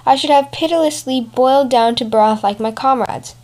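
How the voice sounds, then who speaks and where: Woman reading as a bean, steady, sensible, high voice, storybook. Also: moderate pace, close to an everyday voice.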